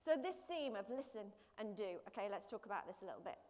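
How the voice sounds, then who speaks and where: A woman preaching a lively sermon to her church, acting out everyday voices. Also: mid-range voice, fast. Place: church hall. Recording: live church stream with hall reverb.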